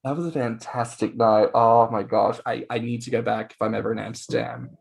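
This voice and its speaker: A man co-hosting a podcast, telling stories in a playful, animated way with quick mock voices. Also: medium pitch, creaky, husky. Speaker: podcast co-host. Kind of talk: casual chat.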